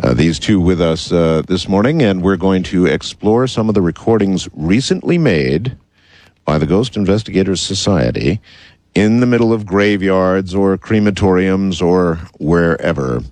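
A man's voice: deep voice, normal speed, a little mellow, dry recording. A man hosting a radio interview, asking wry, skeptical questions with many hesitations. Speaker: radio host.

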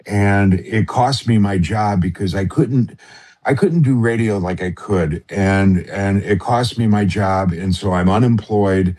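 A middle-aged man, a guest on a radio show, tells a personal story in an earnest, halting way, full of fillers and restarts. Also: on the low side, darkish tone, slightly rough.

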